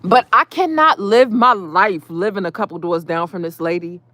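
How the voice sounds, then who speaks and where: A woman venting casually about a neighbor, animated and profane. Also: medium pitch, moderate pace, no room sound. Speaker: vlogger. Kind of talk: casual storytime rant.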